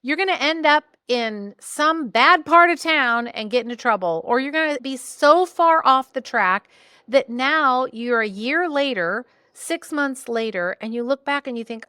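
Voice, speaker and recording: A woman hosting a solo podcast, coaching listeners in an animated, playful way with jokey asides. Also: a little high, moderate pace, smooth, no room sound, clean studio sound. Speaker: podcast host and business coach.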